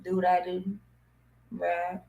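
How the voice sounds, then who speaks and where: A woman co-hosting a podcast in casual chat, soft-spoken and laid-back. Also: lowish voice, monotone, slow pace, vocal fry, lo-fi sound. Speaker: podcast co-host. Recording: echoey room.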